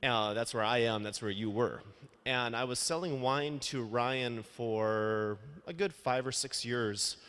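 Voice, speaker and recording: A man's voice: medium pitch, a little slow, fairly bright tone, smooth. Man, earnest storyteller at a conference, reverberant hall. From Minnesota, United States. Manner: earnest, acts out quoted dialogue. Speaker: wine blogger telling a story. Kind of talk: storytelling talk to an audience.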